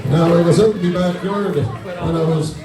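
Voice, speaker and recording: In an event hall, a comedian with a Newfoundland accent does in-character stand-up, trading folksy jokes and chatting with the audience. He speaks at a normal speed in a high voice with fairly even intonation, recorded roughly from a distance with plenty of reverb.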